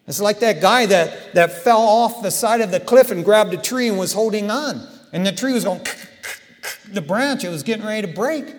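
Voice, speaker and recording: A man preaching a sermon in a lively, conversational way, with casual slang. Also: high voice, normal speed, big-room sound. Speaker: pastor. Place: church.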